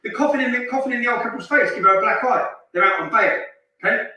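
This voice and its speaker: A man's voice: very high-pitched, quick pace, pushed and bright, very echoey, far from the mic, low-quality recording. A man from Luton delivering heated, scornful commentary over a street video, hammering his points through repetition. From Luton, England. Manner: heated, scornful, repeats phrases for emphasis. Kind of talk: indignant ranting commentary.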